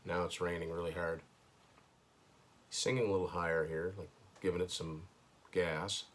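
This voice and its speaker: A man's voice: low voice, fairly even intonation, moderate pace, a little hiss or hum. A man hosting his own show, casually thinking aloud through a first listen of an album, hesitant and with dry asides, at home indoors. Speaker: host.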